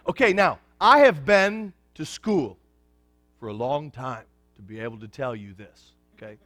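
A pastor preaching a sermon, folksy and joking with the congregation, swinging from hushed lows to excited shouts. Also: male voice, unhurried, no room sound, faint music behind.

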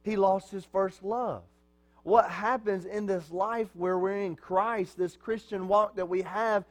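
A man in the pulpit delivers a sermon to his congregation in a fairly high-pitched voice. He talks in a conversational way, tossing out rhetorical questions and answering them himself. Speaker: pastor.

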